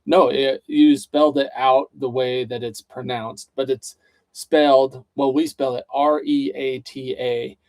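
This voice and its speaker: A man's voice: medium pitch, fairly even intonation, measured pace, a little mellow, dry recording. Easygoing man chatting on a livestream. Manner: easygoing, reads viewer questions aloud. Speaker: co-host. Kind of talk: casual livestream chat.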